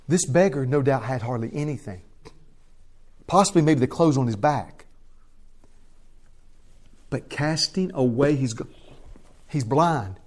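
A man preaching a sermon in a folksy, impassioned way, shifting from quiet to loud. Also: medium pitch, animated, a little slow, pauses often.

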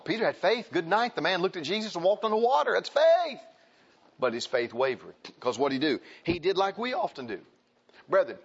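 Husky-voiced preacher man, animated. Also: fairly high pitch, muffled recording. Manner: emphatic, animated preaching that addresses the congregation. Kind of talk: sermon.

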